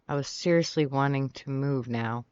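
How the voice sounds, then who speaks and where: Audiobook narrator, mid pitch, even delivery, dry dull recording. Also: normal speed, smooth, no echo. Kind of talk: first-person novel reading. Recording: dry, slightly muffled sound.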